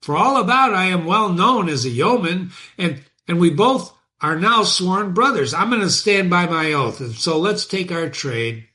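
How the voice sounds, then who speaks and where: A man's voice: sits high, lively intonation, unhurried, hardly any pauses, pushed and bright, voice pushed up, exaggerated voice. A man reading aloud and voicing a greedy, scheming male summoner who talks in an eager, wheedling way.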